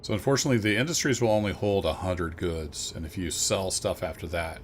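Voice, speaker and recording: A man streaming a train game live, easygoing and self-deprecating, thinking out loud to his viewers as he plays. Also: deep voice, fairly quick, a little hiss or hum. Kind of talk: casual live gameplay commentary.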